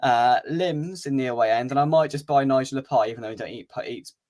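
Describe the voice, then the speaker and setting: A man's voice: medium pitch, fast talker, darkish tone. A man hosting a casual football chat with friends, laughing and joking at his own expense. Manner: laughing, self-mocking banter. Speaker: podcast host.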